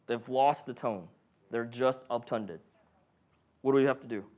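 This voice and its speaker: A mid-range voice, a little slow, belongs to a man teaching paramedics in an easygoing, joking style. He quizzes his students and acts out patients and monitor sounds with lots of animation.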